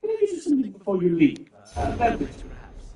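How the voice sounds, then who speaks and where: A fussy, chatty male aristocrat in a video game, gushing and rambling with theatrical flair. His high, lively voice has a mellow tone, and it sounds roomy and distant over game music. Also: rapid-fire, noisy background, full character voice.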